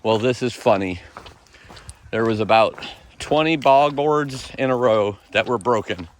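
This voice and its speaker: A man vlogging casually on a forest trail, chatty and self-amused, quick to laugh. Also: fairly low pitch, a little hiss or hum. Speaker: thru-hiker vlogger. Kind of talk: casual vlog narration while hiking.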